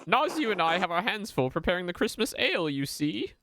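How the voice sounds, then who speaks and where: A man's voice: sits high, big pitch swings, brisk, background noise, pitched above the performer's own voice. A man doing a fussy, courteous male scholar. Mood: polite, hurried.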